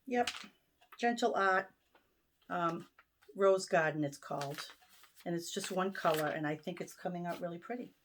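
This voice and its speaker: A woman's voice: fairly low pitch, normal speed, pauses often, a little hiss or hum. A woman with a Boston accent chatting casually in her home sewing room, showing her needlework projects with lots of ums and restarts. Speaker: stitching vlogger. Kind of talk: casual show-and-tell chat.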